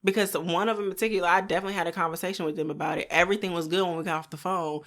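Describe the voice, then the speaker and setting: A soft-spoken woman, chatting casually as a podcast co-host and laughing often. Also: fairly low pitch, fairly even intonation, rapid-fire. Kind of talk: casual chat.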